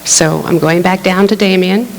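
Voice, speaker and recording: A woman's voice: fairly low pitch, fairly even intonation, moderate pace, creaky, in a large hall, slight background noise, rough recording. A woman moderating a writers' panel, asking questions in an inquisitive, slightly stumbling way. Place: large hall on stage.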